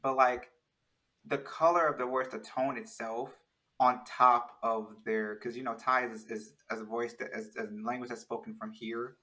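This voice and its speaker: A man talking in a casual, animated chat, rambling with many restarts. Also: mid-range voice, moderate pace, poor audio.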